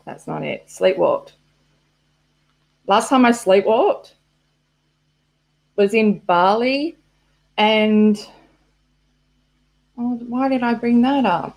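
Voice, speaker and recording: Slow, rambling woman streamer. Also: medium pitch, a little mellow. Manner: rambling, swearing, laughing at herself. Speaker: live-stream host. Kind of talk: casual live-stream chat. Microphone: laptop mic.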